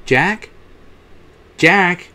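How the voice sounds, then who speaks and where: Fields: Figure: a man doing a young warrior woman. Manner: high, excited calling. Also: extremely slow, full character voice. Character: young female warrior calling out for a missing friend.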